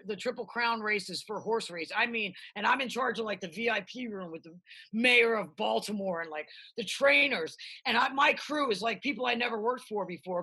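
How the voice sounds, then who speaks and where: A middle-aged woman chef on a video call, telling profane, animated kitchen stories and shouting out quoted lines. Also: a little high, husky. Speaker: chef, interview guest. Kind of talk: casual interview chat.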